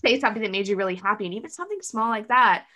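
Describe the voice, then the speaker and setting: A woman in a casual podcast chat, heavy on "like" fillers, who bursts into animated voices when she quotes people. Her tone is bright and forward, and her pitch sits in a middle range. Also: very fast. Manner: chatty, acts out quotes in lively voices; many "like" fillers. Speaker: podcast guest.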